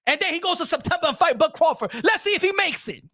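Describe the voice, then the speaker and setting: A man's voice: very high-pitched, lively intonation, fast talker, sharp tone, no echo, clean studio sound. A man, ranting as a profane, mocking boxing commentator.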